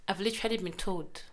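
A young woman with a Nigerian accent, chatting casually and quickly with lots of fillers. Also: medium pitch, sharp tone, slight background noise. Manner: fast-talking, lots of fillers. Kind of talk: casual chat.

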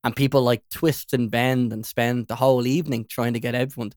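A man, chatting casually as a podcast co-host. His voice is smooth and clear, and he wanders through his points, recorded close and dry with no room sound. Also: medium pitch, fairly even intonation, fairly quick, a little mellow, no echo. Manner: rambling, peppered with "you know what I mean". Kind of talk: casual chat.

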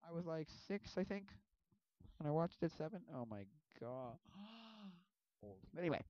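A man's voice: a little high, very animated, a little slow. A man in his early twenties, rambling casually and animatedly, acting out scenes as he talks. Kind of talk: casual chat. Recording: dull lo-fi sound.

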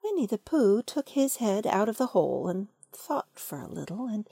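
A woman reading a children's story aloud, gentle and expressive. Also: mid-range voice, moderate pace, creaky, hardly any pauses, breathy edge, no echo, studio quality. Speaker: storybook reader.

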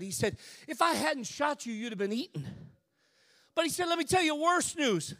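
A man preaching a sermon. He tells a story in a hushed, low voice, then builds to shouted, drawn-out climaxes. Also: sing-song, no echo.

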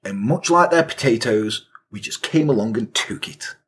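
A podcast co-host recounts a historical crime story in a casual, crude, joking style full of sarcastic asides. His medium-pitched voice is expressive and fairly bright with a slight roughness, and he keeps a moderate pace.

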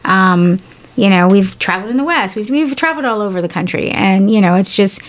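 A woman's voice: medium pitch, animated, a little fast. A woman from San Antonio, Texas, co-hosting a podcast in casual chat, rambling with lots of fillers and cheerful swearing. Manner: chatty, profane, many fillers and restarts. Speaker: podcast co-host.

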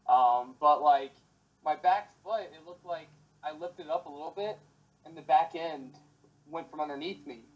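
A young man with a slightly high voice talks in a laid-back, rambling way. He leans on fillers and loose asides. It sounds like relaxed casual chat between friends. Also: moderate pace, muffled recording.

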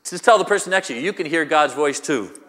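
Male pastor preaching with repetitive rhetorical questions; high, bright voice in a reverberant church hall. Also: animated, quick pace, slight background noise. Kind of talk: sermon.

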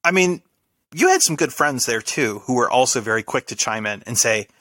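A man's voice: mid-range voice, lively intonation, a little fast, pushed and bright, dry recording. A young man telling a rambling story in casual conversation, often ending his sentences with "right?".

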